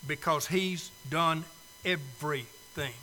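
Male preacher, high bright voice, slow pleading invitation, long hall reverb. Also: a little hiss or hum. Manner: pleading, swells loud then drops soft. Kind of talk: sermon invitation. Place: church sanctuary.

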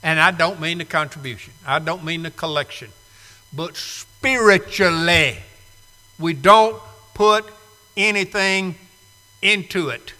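A man's voice: on the high side, slow, bright, forceful tone, long reverb tail. A man preaching a sermon to a live congregation, emphatic and fond of repeating key phrases. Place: church sanctuary, live congregation.

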